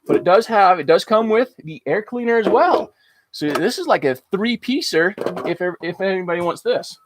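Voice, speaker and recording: A man's voice: high voice, expressive, normal speed, noisy background. A man hosting a casual live-stream auction, talking in an upbeat, rambling way with lots of fillers. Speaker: livestream auction host. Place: outdoors at home after rain.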